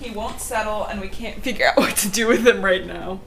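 A woman's voice: mid-range voice, a little fast, gravelly, fairly bright tone, slight background noise. A young woman co-hosting a podcast, recapping a book in casual chat, laughing often and swearing casually.

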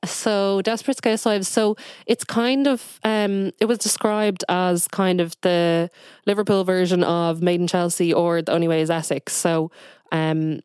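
A woman's voice: fairly low pitch, little pitch movement, unhurried, a little mellow, smooth, dry recording, clean studio sound. A woman, a guest chatting casually on a podcast and rambling with lots of fillers. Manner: rambling, heavy on "like" and "um".

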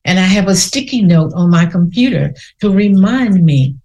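A woman's voice: on the low side, expressive, warm tone. A woman hosting a podcast, leading a guided meditation in a soothing way and repeating affirmations. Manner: slow, soothing, repeats phrases. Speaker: podcast host.

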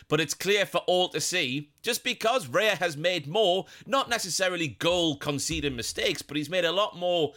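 A bright, forceful man hosting a solo football podcast. His voice sits a touch high for a man, and he talks in a lively, joking way. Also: fairly quick, few pauses. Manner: animated, jokey, puts on silly voices for quotes. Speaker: podcast host.

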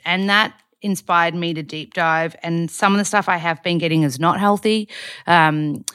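Aussie woman podcasting from a closed-up room, lowish voice, dead dry sound, chatty. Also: no echo. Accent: Australian. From Australia. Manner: chatty and upbeat, sprinkled with "like". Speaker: podcast host. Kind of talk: casual diary podcast chat. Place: small closed room at home.

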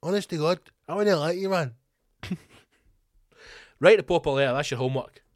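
A man's voice: fairly high pitch, fairly quick, background noise. A Scottish man hosting a comedy podcast, rambling through sweary, jokey asides. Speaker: podcast host.

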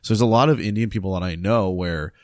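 A man co-hosting a casual podcast chat over drinks, jokey and animated, slipping into mock announcer readings. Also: on the low side, fast, dry recording, studio quality. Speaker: podcast host.

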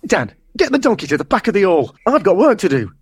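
Brusque show director. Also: male voice, high-pitched, huge pitch swings, fast, slight background noise. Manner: brusque, dismissive. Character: brusque male pantomime director.

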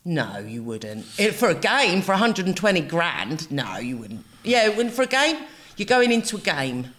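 A woman, co-hosting a podcast in casual chat, talking in quick asides and laughing easily. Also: on the low side, very animated, a bit bright. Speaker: podcast co-host.

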